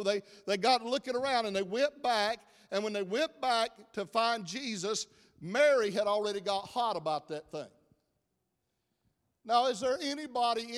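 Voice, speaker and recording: A middle-aged man preaching a sermon in a church, folksy and chatty, joking with his congregation. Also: high voice. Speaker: pastor. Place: church sanctuary. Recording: long reverb of a church hall.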